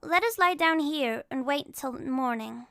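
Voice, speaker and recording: A man voicing a polite, gentle young boy in an audiobook, soothing and meek. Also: lively intonation, measured pace, gravelly, heavily acted. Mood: weary. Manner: soothing, meek, high boyish voice. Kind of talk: audiobook character voice.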